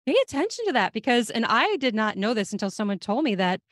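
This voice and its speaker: Lively-voiced woman hosting a podcast. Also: fairly high pitch, no echo, studio quality. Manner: lively, laughs often, quick to agree. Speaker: podcast host. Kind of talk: casual chat.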